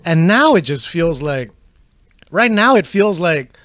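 A man in a casual film chat, bright and lively in pitch as he acts out reactions and swears freely. The sound is dry and close. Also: measured pace, no echo.

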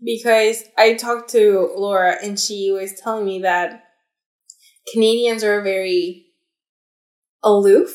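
A woman's voice: mid-range voice, steady tone, takes it slowly, long pauses, a little mellow. Chatty young woman storyteller, echoey room. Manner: chatty storytelling with fillers and restarts. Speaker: podcast co-host. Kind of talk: casual chat.

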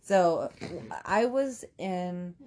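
Lower-voiced woman rambling a story. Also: expressive, extremely slow, a little mellow, slight background noise. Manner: rambling, swears freely, lots of "like". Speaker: podcast co-host. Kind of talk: casual storytelling chat.

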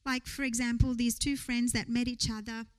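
A woman's voice: fairly high pitch, little pitch movement, normal speed, clear, resonant tone, rough recording. A woman preaching a sermon in church, earnest, building to rising rhetorical questions.

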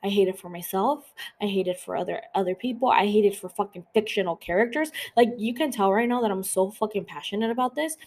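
A young woman hosting a podcast, talking quickly and casually with lots of swearing and filler words. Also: mid-range voice, darkish tone. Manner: fast, profane, lots of "like" fillers. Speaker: podcast host. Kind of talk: casual chat.

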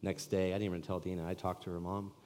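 Male pastor, from California, somewhat low voice, earnest storytelling sermon, long church-hall reverb. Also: little pitch movement, fast, darkish tone. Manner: earnest conversational storytelling preaching.

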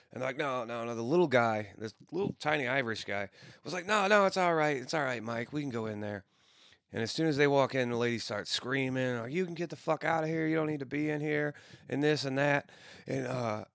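A man in his thirties talks in a rambling, casual monologue, swearing freely and restarting his sentences. His voice sits a bit low with a gravelly edge over a smooth, clear tone. The recording is dry and close. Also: a bit bright, no room sound. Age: 30s. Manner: loose, profane storytelling with frequent restarts.

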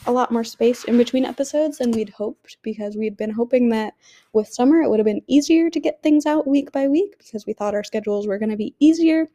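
Young woman host, earnest and apologetic, mellow slightly high voice. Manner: apologetic, earnest, slowing at the end. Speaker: podcast host. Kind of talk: casual announcement to listeners.

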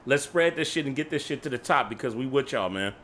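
A man co-hosting a podcast, rambling through hyped shout-outs in loose slang. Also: mid-range voice, animated, fast talker. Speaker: podcast co-host. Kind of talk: casual podcast sign-off.

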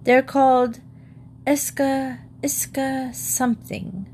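A woman's voice: mid-range voice, lively intonation, unhurried, darkish tone. A woman reading aloud and voicing a small, polite young male bear who talks earnestly and eagerly.

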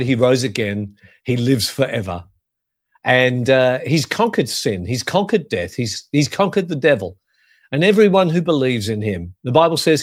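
A man preaching as a pastor, earnest and measured, leaning on key phrases for emphasis. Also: mid-range voice, no room sound, clean studio sound. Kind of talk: sermon-style teaching.

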